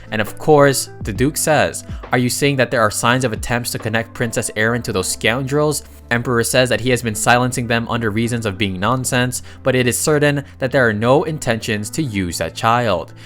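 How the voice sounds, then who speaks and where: A man's voice: medium pitch, fairly bright tone. A man narrating a casual recap of a comic story, reading the characters' lines in his own voice and adding chatty asides.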